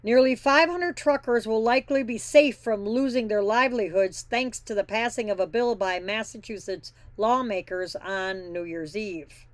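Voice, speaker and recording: A woman's voice: medium pitch, moderate pace, few pauses, no echo. Blunt, folksy woman reading trucking news. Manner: opinionated, blunt asides. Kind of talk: casual news reading with commentary.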